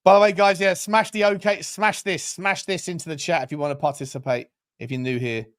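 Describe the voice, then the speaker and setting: A man co-hosting a live match watchalong, reacting loudly with exasperated, sweary outbursts. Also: on the high side, steady tone, brisk, clear, resonant tone. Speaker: watchalong co-host.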